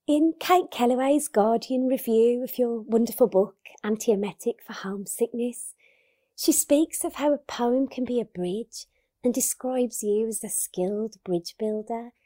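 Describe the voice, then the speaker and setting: A woman's voice: fairly high pitch, unhurried, warm tone, no room sound, studio quality. A woman interviewer who thanks a poet for her reading and asks her questions in a polite, formal way. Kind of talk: literary interview.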